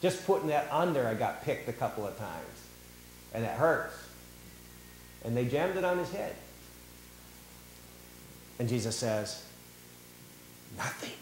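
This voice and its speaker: A man preaching a sermon in a church, animated and theatrical, acting out the voices of the people he talks about. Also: mid-range voice, normal speed, pauses often, roomy sound, a little hiss or hum, low-quality recording. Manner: animated, acts out quoted voices. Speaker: pastor. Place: church sanctuary.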